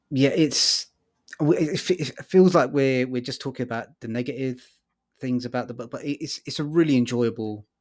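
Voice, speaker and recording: A man co-hosting a casual podcast, talking thoughtfully and hesitantly with many ums. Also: mid-range voice. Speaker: podcast co-host. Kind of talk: casual chat.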